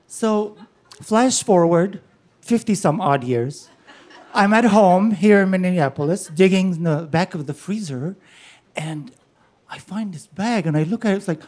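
Animated older man telling a story. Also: high-pitched, unhurried. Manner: animated, laughs while telling. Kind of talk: live personal storytelling.

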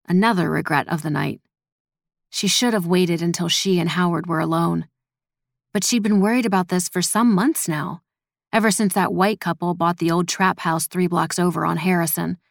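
A woman reading a story as a scripted narration in an even, measured manner. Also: on the low side, gravelly, dry recording, clean studio sound. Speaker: audiobook narrator.

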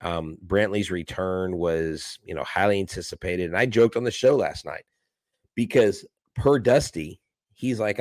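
A man's voice: sits low, a little slow, no room sound, studio quality. A man co-hosting a casual sports podcast, joking and teasing his partner. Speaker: podcast co-host.

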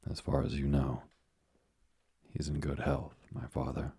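An earnest, polite young sailor, as a man reads him with a very deep, flat voice. The tone is gravelly and husky, in a dry, close sound. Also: measured pace, no echo, heavily acted.

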